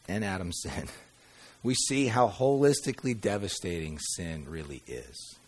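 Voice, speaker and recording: Male pastor, lower voice, sermon delivery: dramatic readings, dry humor, hushed emphasis. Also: breathy edge. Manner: dramatic reading of scripture with sudden quiet drops; conversational asides and wry humor.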